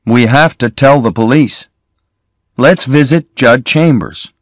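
A man's voice: mid-range voice, slow pace, no room sound, studio quality, voice pushed up, close to an everyday voice. A man reading the lines of a worried adult man who speaks urgently and insistently. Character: worried adult man helping his friend.

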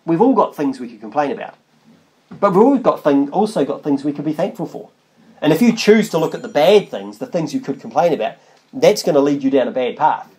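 A man's voice: a little high, very animated, a little fast, darkish tone. A man preaching a conversational sermon that wanders and restarts, reading long scripture passages aloud. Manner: conversational, rambling, with restarts and asides.

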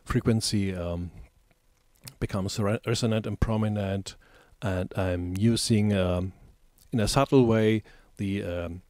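A man talks through a music software tutorial in a slow, halting way, with many ums and uhs. His voice sits fairly low. The sound is dry and close, with no room around it. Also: steady tone, no room sound. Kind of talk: screen-recorded software tutorial.

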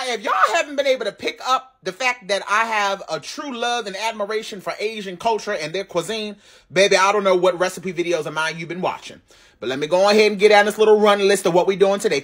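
A man with a high, bright voice runs a casual cooking demonstration. He is animated and sassy, drops curse words freely, and talks right at his viewers. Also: a little fast. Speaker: cooking channel host.

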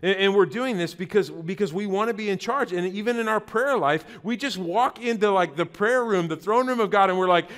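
A man's voice: high-pitched, a little fast, few pauses, a bit bright. A middle-aged man preaching a sermon as pastor, conversational and joking, often repeating words mid-thought.

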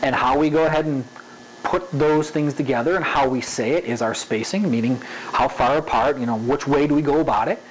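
A man's voice: medium pitch, a little fast, a little hiss or hum, rough recording. A man teaching animation in a casual spoken tutorial, checking in often with "okay?" and repeating an example sentence with varied emphasis. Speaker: animation instructor.

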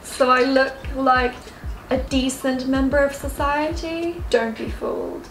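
A woman's voice: sits high, measured pace. A young woman vlogging in her home kitchen, chatty and self-mocking, often laughing and talking to her cat. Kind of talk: casual kitchen vlog chat. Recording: echoey kitchen, lofi music underneath.

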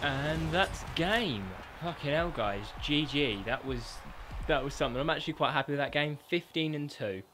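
Excitable sweary man gaming. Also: a little high, normal speed, slight background noise. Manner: excitable, sweary, trash-talking. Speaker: gaming YouTuber. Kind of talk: gameplay commentary.

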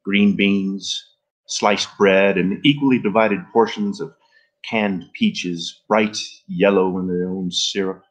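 A man reading a novel aloud in an expressive storytelling manner. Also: low-pitched, takes it slowly. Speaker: reader. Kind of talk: literary reading.

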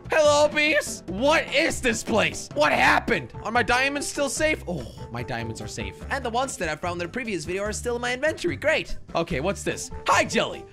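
A man hosting a gaming video, giving excitable Let's Play commentary that swings from mutters to shouts. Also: extremely high pitch, fairly quick, hardly any pauses, over music.

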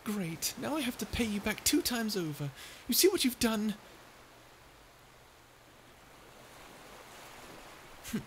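A woman's voice: fairly high pitch, big pitch swings, normal speed, a bit bright, slight background noise. A woman voicing a prickly young sea creature who stammers and hides her fear behind insults, in a listener-perspective audio drama. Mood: grumpy. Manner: stuttering, flustered tsundere bluster.

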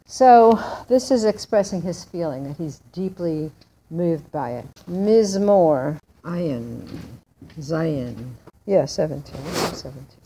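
A woman's voice: low-pitched, lively intonation, slow pace, warm tone, slight background noise, low-quality recording. A woman teaching a Hebrew Bible class, explaining word by word and asking her students questions.

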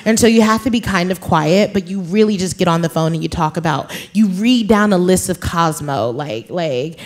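A woman's voice: lowish voice, moderate pace. A woman in her thirties, from New York, telling a story on stage at an author event, chatty and laughing often, with many fillers. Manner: chatty, laughing, lots of "like" and "you guys". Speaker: author guest. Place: live author event before an audience.

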